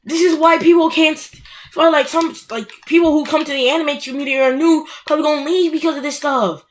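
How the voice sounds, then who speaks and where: A woman's voice: high voice, fairly even intonation, fast talker. A young woman ranting casually and with exasperation, full of filler words and mocking quotes. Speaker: anime ranter. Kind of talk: casual rant.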